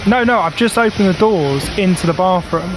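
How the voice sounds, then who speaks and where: A man's voice: high voice, expressive, a little fast, noisy background. A man co-hosting a podcast, telling a story in casual banter and acting out his own reactions with plenty of swearing. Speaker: podcast co-host.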